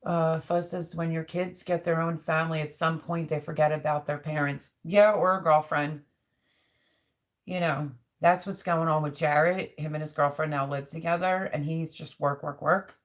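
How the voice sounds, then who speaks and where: A woman's voice: sits low, fairly even intonation, moderate pace. A middle-aged woman hosting a live stream, reading viewers' chat comments aloud and answering them in a heartfelt, openly emotional, chatty way. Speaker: livestream host.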